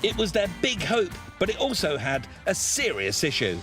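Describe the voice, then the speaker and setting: Lively high-voiced male narrator. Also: moderate pace. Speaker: documentary narrator. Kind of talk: scripted narration. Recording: music bed under voice.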